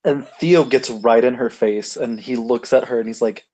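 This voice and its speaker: A man playing a tabletop role-play game, narrating his character slowly and hesitantly, a little away from the mic. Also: medium pitch, mellow, low-quality recording. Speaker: player.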